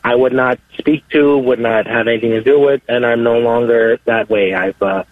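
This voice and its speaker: A man calling in to a radio show, speaking earnestly with halting restarts. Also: mid-range voice, steady tone, no echo. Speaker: caller. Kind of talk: phone-in call. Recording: tinny dry phone line.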